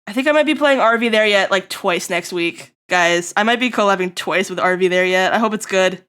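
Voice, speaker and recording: A woman streamer in casual live-stream chat, rambling and breaking into loud laughter, her throat getting tickly. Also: mid-range voice, fairly quick, smooth.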